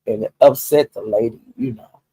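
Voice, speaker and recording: A man's voice: medium pitch, moderate pace, slightly rough, no room sound, poor audio. A man retelling a story in a casual, profane gossip style, often stopping to check in with his listeners. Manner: profane, animated, talks directly to listeners. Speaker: storyteller recapping a livestream.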